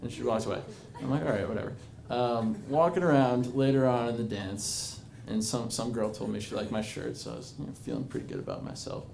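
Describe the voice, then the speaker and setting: A man's voice: medium pitch, brisk, vocal fry, hardly any pauses, a little mellow. A man in his twenties telling a personal story to a live bar audience, rambling and self-mocking, with many fillers. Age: 20s. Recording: echoey bar with crowd noise.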